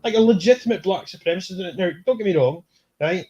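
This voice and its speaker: A man's voice: high voice, quick pace, dark tone, highs cut off. A man hosts a casual chat podcast with a slightly raised voice. He rambles through his points, restarts sentences and breaks into laughter easily. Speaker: podcast host.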